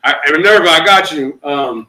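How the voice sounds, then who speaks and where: A middle-aged man, a comedian, telling stories in loose, profane, animated fashion during a casual podcast chat. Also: on the high side, brisk, roomy sound, low-quality recording. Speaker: comedian guest.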